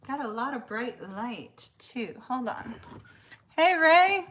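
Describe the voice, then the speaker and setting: Bright-voiced woman chatting on a livestream. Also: on the high side, animated, a little slow, creaky, slight background noise. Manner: chatty, greets viewers by name, laughs often. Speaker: tarot reader hosting a livestream. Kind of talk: casual livestream chat. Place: her apartment, indoors.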